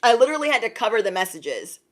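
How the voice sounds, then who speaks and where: A young woman chatting casually on a livestream as an intuitive reader, animated and laughing often, thanking viewers by name. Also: fairly high pitch, fast talker.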